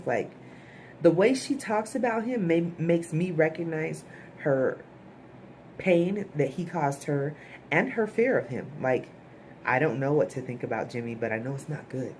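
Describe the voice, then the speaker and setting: A woman's voice: low-pitched, animated, a little slow, darkish tone, slight background noise. A woman giving a chatty, opinionated recap of a TV episode, blunt and swearing casually. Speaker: TV episode reviewer.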